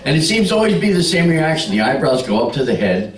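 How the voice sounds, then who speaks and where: A man's voice: on the high side, very animated, fast talker. A stand-up comedian in his sixties, telling jokes and stories to a party crowd and talking back to them. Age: 60s. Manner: storytelling with punchlines, talks to the crowd. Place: party room with a live audience. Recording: roomy, mic heard from a distance.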